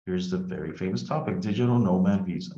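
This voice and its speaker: A man, an immigration lawyer, giving a polite, measured webinar presentation as he walks through slides. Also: sits low, dark tone. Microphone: video call. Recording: echoey dull video-call audio.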